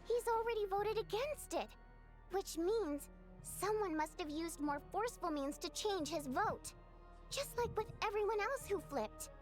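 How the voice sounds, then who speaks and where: A woman's voice: extremely high pitch, lively intonation, measured pace. A woman voicing an earnest young female ally in a game, confiding her plans in long explanations. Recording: game voice over clear music.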